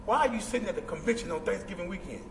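High-pitched, lively man preaching. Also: very fast, vocal fry, heavy background noise. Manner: preacherly, emphatic, with bursts of shouting. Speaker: guest speaker at a recovery convention. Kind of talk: impassioned speaker share. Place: large indoor convention hall. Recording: echoey hall, from far off.

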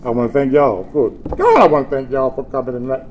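A fairly quick-speaking man tells his personal story at a recovery meeting. He jokes animatedly early on, then grows low and subdued recounting difficult times, with audience murmur and background noise around him in the room.

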